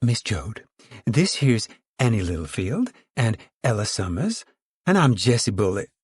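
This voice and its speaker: A man reading aloud and voicing a big, powerful woman who chairs a camp committee, booming, formal and proud. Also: animated, moderate pace, darkish tone, no room sound, clean studio sound.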